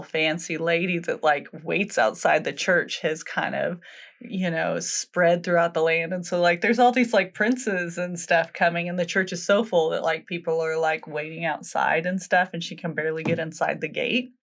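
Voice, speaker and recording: A woman's voice: on the low side, fairly even intonation, moderate pace. A woman co-hosting a podcast, casually retelling a folktale in a chatty, filler-heavy way, laughing often and acting out the quotes. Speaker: podcast co-host. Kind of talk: casual storytelling chat.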